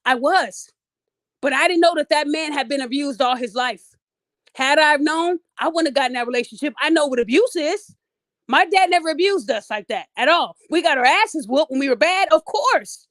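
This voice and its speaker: A woman hosting a podcast, telling a story in a blunt, animated way and talking straight to her listeners. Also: high-pitched, moderate pace, no echo. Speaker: podcast host. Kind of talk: casual storytelling monologue.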